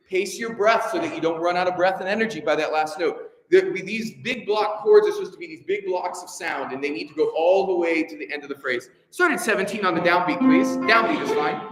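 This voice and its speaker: A man's voice: sits high, a bit bright, faint music behind. A man conducting a choir rehearsal, giving encouraging instructions between counts in a large hall. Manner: encouraging, coaching, quick asides between counts. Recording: echoey hall, heard from a distance. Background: choir and instruments playing.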